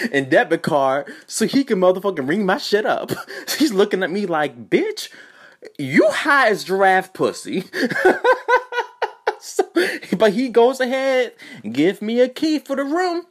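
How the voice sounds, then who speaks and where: A woman telling a comic story casually, animated and heavy on profanity. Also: extremely low pitch. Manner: profane, animated, loud exclamations. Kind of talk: comedic storytime.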